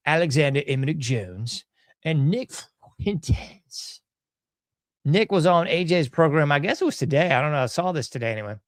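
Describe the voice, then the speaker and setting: A man's voice: medium pitch, no echo, clean studio sound. A man hosting a podcast in casual commentary, folksy and sarcastic, often chuckling. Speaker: podcast host.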